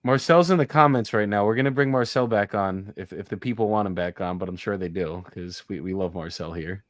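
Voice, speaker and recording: A young man hosting a casual livestream chat, excitable and joking, swearing casually as he talks. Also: on the low side, a little fast, dry recording, studio quality. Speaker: livestream host.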